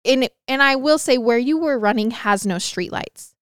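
Female true crime podcast co-host, playful quick ribbing, slightly high smooth voice, dry close mic. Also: dry recording. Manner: quick teasing interjections. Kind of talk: casual chat.

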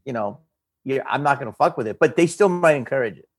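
A man with a Philadelphia accent, an actor and comedian talking casually as a guest, animated and swearing freely. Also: mid-range voice, quick pace. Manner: animated, swearing, slips into a Philly voice. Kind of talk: casual interview chat.

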